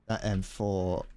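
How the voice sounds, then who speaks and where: A young streamer with a lowish, darkish-toned voice swears and laughs while chatting loosely to viewers about his game.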